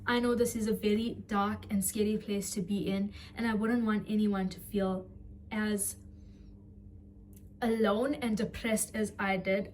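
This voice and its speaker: A woman's voice: mid-range voice, steady tone, measured pace, a little mellow, slight background noise. A young woman speaking to her viewers in a personal vlog, earnest and heartfelt, emotional and close to tears. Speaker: vlogger. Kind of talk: personal vlog talking to camera.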